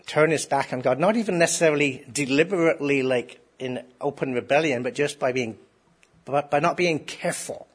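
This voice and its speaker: A man's voice: on the high side, slightly rough. A man preaching a sermon to a congregation in a conversational way, often asking rhetorical questions. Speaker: pastor.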